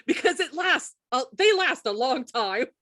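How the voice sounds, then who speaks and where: A woman's voice: high voice, no echo. A woman co-hosting a podcast, chatting casually and laughing often. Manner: laughs often, quick when excited. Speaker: podcast co-host.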